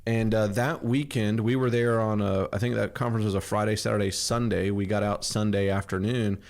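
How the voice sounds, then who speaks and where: Low-voiced man hosting a chatty podcast. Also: fairly even intonation, a little fast, creaky, a little mellow. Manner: friendly, joking, rambling. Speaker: podcast host. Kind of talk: casual chat. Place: home office in kitchen.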